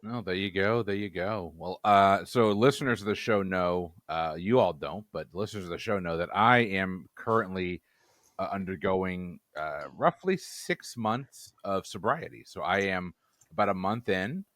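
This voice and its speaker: A man's voice: low voice, normal speed, a bit bright, dry recording. A man hosting a casual trivia podcast, joking as he introduces the players. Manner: jokey, playful introductions. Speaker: quiz show host.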